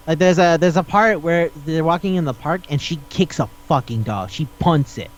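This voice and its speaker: A man's voice: a little high, normal speed, muffled recording. A man hosting a casual podcast chat, rambling and swearing as he retells scenes and acts out the dialogue. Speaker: podcast host.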